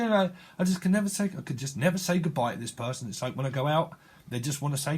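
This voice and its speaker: A man's voice: a little high, moderate pace, a little mellow, slightly rough. A man giving a casual tarot reading, rambling and joking and laughing often. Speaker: tarot reader. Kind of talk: casual channeled reading to camera.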